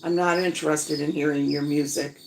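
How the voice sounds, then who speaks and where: A woman voicing a rude, curt rich man who barks orders in a slow, clipped way. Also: low-pitched, steady tone, gravelly, echoey room, a little hiss or hum.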